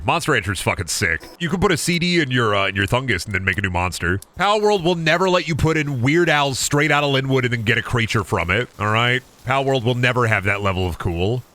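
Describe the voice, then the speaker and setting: A man streaming a game, chatting casually in an animated, joking, crude way. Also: mid-range voice. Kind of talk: casual gaming stream chat.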